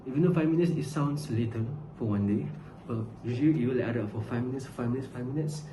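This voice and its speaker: A man's voice: mid-range voice, quick pace. Rambling joking young man in an echoey room. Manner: joking, rambling, swears, drops "lah" particles. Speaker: vlogger. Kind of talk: comedic advice vlog. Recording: echoey room with steady background noise.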